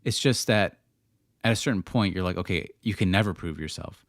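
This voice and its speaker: A man's voice: sits low, brisk, dry recording, studio quality. A man hosting a casual livestream Q&A, talking through chat questions in a rambling way that drifts into rants, with frequent restarts. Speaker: livestream host answering chat.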